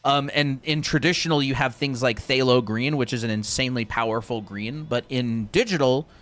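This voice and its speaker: A man teaching art on a casual live stream, relaxed and chatty, with fillers and asides to his viewers. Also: mid-range voice, moderate pace. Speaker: art instructor.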